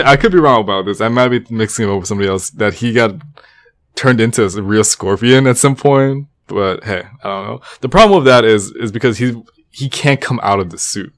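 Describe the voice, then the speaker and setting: Low-voiced young man co-hosting. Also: fairly bright tone, no room sound. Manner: easygoing, hedging, protests playfully. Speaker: podcast co-host. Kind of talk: casual podcast chat.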